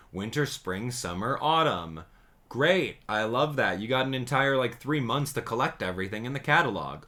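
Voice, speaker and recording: Reacting to a game trailer, this gaming YouTuber speaks on the low side, bouncing between excited hype and sarcasm in slangy commentary.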